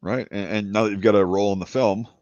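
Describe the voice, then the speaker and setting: Laid-back low-voiced man, dull dry sound. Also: fairly even intonation, quick pace, a little mellow, no echo. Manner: laid-back, rambling, laughs easily. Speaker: channel host. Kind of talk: casual podcast chat.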